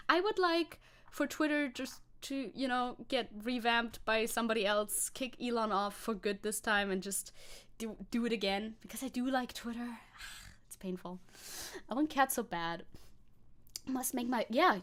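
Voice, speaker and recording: A young woman streaming as a VTuber, chatting casually, reacting to chat, swearing and laughing often. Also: medium pitch.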